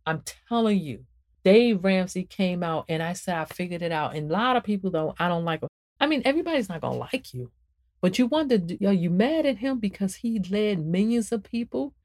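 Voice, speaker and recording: A woman hosting a spiritual podcast and talking about her book, preaching to listeners in an animated, emphatic way and repeating phrases for emphasis. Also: fairly quick. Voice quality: emphatic and animated, swings up and down in pitch. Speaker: podcast host and author.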